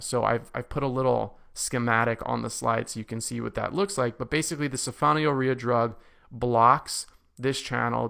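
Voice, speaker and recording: A man lecturing on medications with a gravelly, fry-edged voice at an ordinary middle pitch. He explains step by step and circles back to stress the main points, like a tutor walking students through slides. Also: fairly bright tone. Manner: explanatory, repeats key points for emphasis. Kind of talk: recorded pharmacology lecture.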